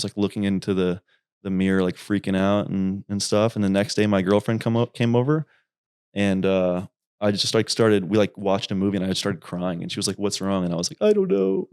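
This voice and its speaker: Young male guest, low voice, rambling animated storyteller, casual and profane. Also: clear, resonant tone. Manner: rambling, animated, swears freely. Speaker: podcast guest, YouTuber.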